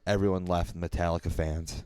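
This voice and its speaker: A man with a fairly low, smooth voice, telling a story in a loose, casual way and scattering filler words throughout. The sound is dry and close to the mic. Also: flat delivery, a little fast, dark tone, no echo. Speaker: podcast co-host. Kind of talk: casual chat.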